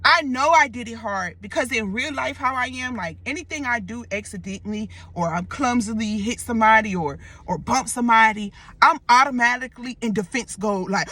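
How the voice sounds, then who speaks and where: Animated young woman telling a storytime. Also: fairly high pitch, normal speed, few pauses, no room sound. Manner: animated, expressive retelling with profanity and slang. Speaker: storyteller vlogger. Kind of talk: casual storytime vlog.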